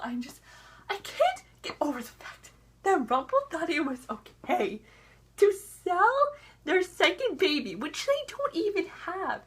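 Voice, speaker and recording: A young woman chatting through a TV episode recap with a high, bright voice. Her pitch leaps all over as she acts out the characters' lines in quotes. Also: sing-song, normal speed. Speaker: TV recap vlogger.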